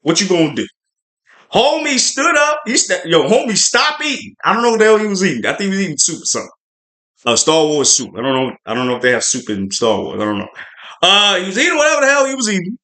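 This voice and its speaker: A man's voice: high voice, very animated, quick pace, bright, forceful tone. A man hosting a podcast livestream, reviewing a show in a chatty, rambling way with lots of fillers. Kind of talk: casual spoiler review livestream.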